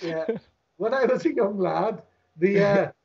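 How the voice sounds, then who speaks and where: An older Irish man spins anecdotes in a relaxed, chuckling manner. His voice sits high for a man, and the sound is slightly dull and lo-fi. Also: a little slow, vocal fry. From Ireland. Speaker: podcast guest. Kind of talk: casual storytelling chat.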